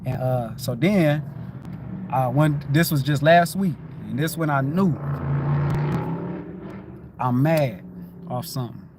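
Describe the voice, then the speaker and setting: A man talking casually on a livestream, telling a story in a lively way, repeating himself and swearing freely. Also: medium pitch, slow pace, pauses often, noisy background. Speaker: livestream host. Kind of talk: casual spiritual livestream talk.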